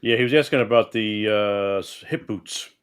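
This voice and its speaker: A man with a somewhat low voice co-hosting a casual podcast. He talks hesitantly, stumbling over names as he passes on a viewer's question. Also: moderate pace, clear, resonant tone.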